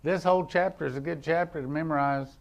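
A man with a somewhat high voice preaches a church sermon. He reads scripture with rising force, then drops to near-quiet asides to drive a point home. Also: fairly even intonation, fast, creaky. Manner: swings between loud emphatic scripture reading and quiet asides; reads King James verses aloud. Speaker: pastor.

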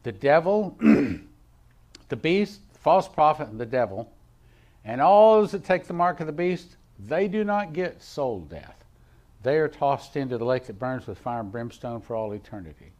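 A male pastor preaching a sermon, reading scripture aloud and moving between emphatic declarations and quiet asides. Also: mid-range voice, expressive, measured pace. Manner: reads King James verses aloud.

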